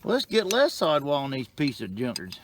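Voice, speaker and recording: A man's voice: medium pitch, huge pitch swings, a little fast, noisy background. A middle-aged man, ranting in a folksy, cussing way about his farm equipment, recorded outdoors on a farm. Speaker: farm vlogger.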